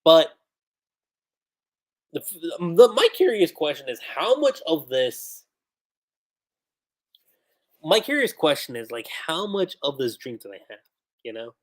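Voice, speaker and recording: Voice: medium pitch, very animated, slow pace, pauses often. Chatty manga reviewer on a livestream. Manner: chatty, laughs often, many fillers. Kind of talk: casual livestream recap.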